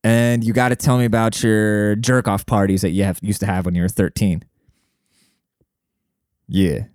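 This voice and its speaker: A man hosting a solo podcast in a brash, rambling, profane way, full of fillers, jumping up in pitch when he quotes people. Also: flat delivery, moderate pace, a little mellow, dry recording, clean studio sound. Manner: jumps high in pitch when acting out quotes. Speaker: podcast host. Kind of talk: casual solo podcast monologue.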